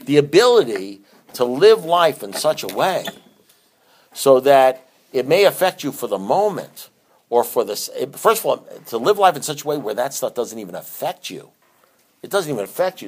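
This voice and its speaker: A man's voice: medium pitch, normal speed. A middle-aged man who counsels divorcing couples and sponsors others in recovery, speaking off the cuff in a blunt, streetwise way, often restarting and repeating himself. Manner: rambling, repeats and restarts, animated at times. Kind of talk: unscripted talk.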